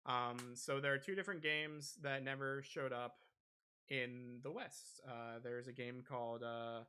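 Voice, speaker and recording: A man co-hosts a gaming podcast, his medium-pitched, sharp voice staying fairly even in intonation at a measured pace over a faint hiss or hum. The chat is casual and rambling, with many fillers and restarts.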